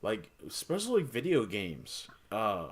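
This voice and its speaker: A man's voice: lowish voice, wildly swooping pitch, a little slow, slight background noise. Laid-back man with a fading voice. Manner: laid-back, swears casually. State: losing his voice. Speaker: podcast co-host. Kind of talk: casual chat.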